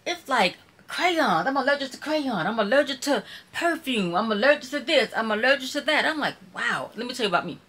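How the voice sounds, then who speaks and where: A woman's voice: high-pitched, lively intonation, a little fast, few pauses, a bit bright. A woman from Mississippi with a Southern accent, chatting casually and folksily with viewers on a live stream. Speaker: YouTuber hosting a live stream.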